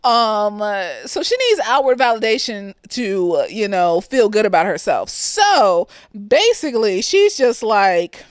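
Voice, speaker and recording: A woman's voice: mid-range voice, sing-song, a little slow, few pauses, no room sound. A young woman chatting casually through a TV review. She laughs often, swears, and acts out the characters in quoted voices. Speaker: reviewer of a TV show. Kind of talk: casual tipsy review chat.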